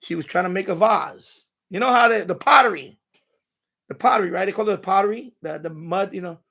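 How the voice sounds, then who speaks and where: A high-pitched man with a gravelly, fry-laced edge talks in a loose, rambling live-stream chat. His tone is bright and sharp as he rants and swears. He sounds like he is in a home radio room. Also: fairly quick. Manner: animated, profane ranting with mocking asides.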